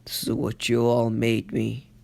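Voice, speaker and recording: A man's voice: mid-range voice, completely flat delivery, a little slow, gravelly, a little mellow. A man doing a cold, taunting demon boy. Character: brooding teen male demon ninja, cold and taunting.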